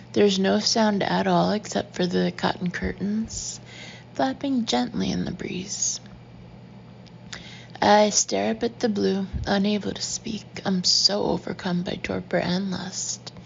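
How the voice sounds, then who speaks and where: Woman, audiobook narrator, hushed first-person read, slow and gravelly. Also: medium pitch, muffled recording, a little hiss or hum. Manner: intimate, often breathy and hushed.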